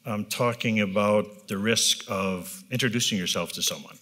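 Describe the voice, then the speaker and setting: A man in his fifties speaks plainly to a live audience about his own habits, in a bright, forward voice. He is candid and self-deprecating, wandering through his points with restarts and a habitual "right?". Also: lowish voice. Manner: rambling, with restarts and filler pauses. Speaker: business leader giving a talk. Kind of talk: personal talk to a live audience.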